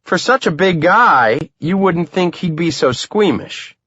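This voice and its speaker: A man voicing a playful, mocking young mother in an audiobook, lifting his voice higher. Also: animated, a little slow, sharp tone, husky, no echo, dull audio, heavily acted. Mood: teasing. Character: teasing young woman, new mother. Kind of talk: audiobook character voice.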